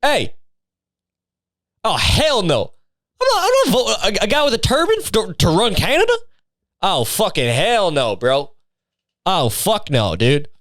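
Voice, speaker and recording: A man's voice: high voice, huge pitch swings, unhurried, long pauses, fairly bright tone, no room sound, clean studio sound, pitched above the performer's own voice, exaggerated voice. A man voicing a brash, bigoted male coworker who rants in crude, drawling slang. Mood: scornful.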